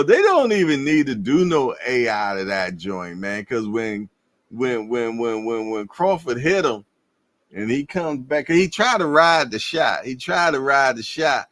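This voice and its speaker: A man hosting a casual boxing livestream, slangy and animated, laughing and repeating himself as he reads viewer comments. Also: medium pitch, no room sound. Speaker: livestream host.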